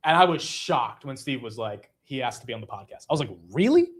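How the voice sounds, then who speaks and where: Young man, livestream host, casual chat, lively swinging pitch, self-mocking, reacting to chat. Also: fast talker.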